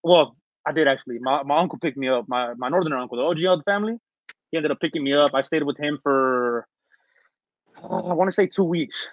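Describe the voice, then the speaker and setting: A man from Northern California tells his story fast in a casual interview, with fillers, restarts and slang. His voice sits a bit high, and he clears his throat now and then while getting over an illness. The recording is dull and lo-fi, close and dry. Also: dry recording. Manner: rambling, many fillers and restarts, street slang. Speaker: interview guest.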